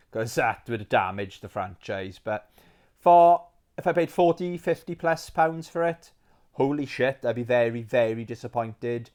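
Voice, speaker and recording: A man chatting casually about games he has collected, rambling and quick to get excited, with lots of fillers. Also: mid-range voice. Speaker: retro game collector. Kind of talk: casual video chat.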